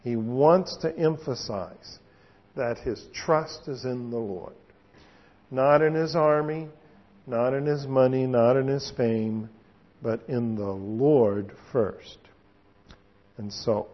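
A man preaching a sermon and teaching through scripture, unhurried, with frequent fillers. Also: medium pitch, dull audio. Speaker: pastor.

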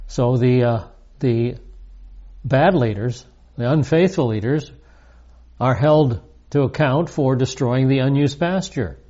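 A man teaching through a scripture passage, reading each verse with weight before explaining it. His voice is mellow and warm in tone, at a middle pitch. The recording is a little dull and muffled. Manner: measured teaching, reads verses aloud with emphasis. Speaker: Bible teacher. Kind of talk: recorded Bible lesson.

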